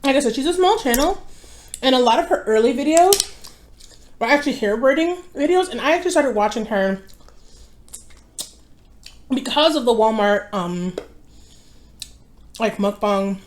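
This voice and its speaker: A young woman chatting casually at home as she eats, her voice sitting a little high. She sounds worn out and talks in a rambling way, losing her thread and correcting herself. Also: lively intonation, moderate pace, pauses often. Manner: rambling, easily distracted, self-correcting. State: tired. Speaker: mukbang vlogger. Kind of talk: casual chat while eating.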